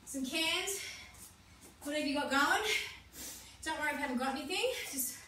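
A woman coaching a live workout class, out of breath, with energetic cheering and whooping encouragement. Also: sits high, normal speed, slight background noise. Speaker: fitness instructor. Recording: echoey room, mic at a distance.

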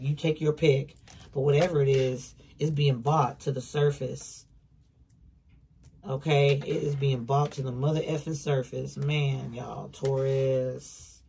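A tarot reader delivers a casual reading in an emphatic, blunt manner. The voice sits at a middling pitch and leans on repetition and swearing for stress. A faint hiss runs under the recording. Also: vocal fry, warm tone.

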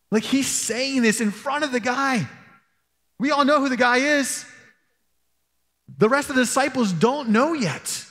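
A man's voice: extremely high pitch, a bit bright, in a large hall. A man preaching a sermon as pastor, telling stories in a loose, conversational way. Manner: conversational storytelling with asides. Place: church hall.

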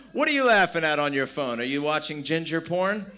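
A man's voice: fairly high pitch, big pitch swings, normal speed, pushed and bright, slight background noise. A man from San Diego, performing brash, profane stand-up with crowd work at a live comedy venue. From San Diego, California.

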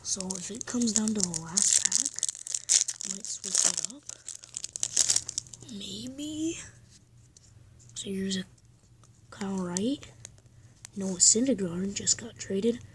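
A woman opening trading card packs on her channel, speaking slowly and often dropping to a hushed whisper, then getting excitable. Her voice sits in a middle register. Loud crinkling and tearing of wrappers fills the recording. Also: medium pitch, heavy background noise. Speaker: channel host. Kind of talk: card-pack opening vlog.

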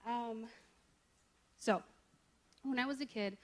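A woman's voice: fairly high pitch, takes it slowly. A young adult woman giving a sermon in a church service, telling a story in a chatty way with lots of fillers. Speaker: guest preacher.

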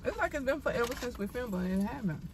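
A woman chats casually through a late-night food session in a parked car, her pitch rising and falling with animated energy. She sits a little high for a woman and keeps the talk moving, steering her partner along. Steady ambient hiss from the car fills the background. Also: fast talker. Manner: lively, leads the talk and prompts the other. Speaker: mukbang co-host. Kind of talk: casual mukbang chat.

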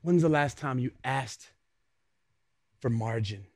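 A young adult male pastor preaching a sermon, swinging between hushed words and shouted peaks. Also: medium pitch, slow pace.

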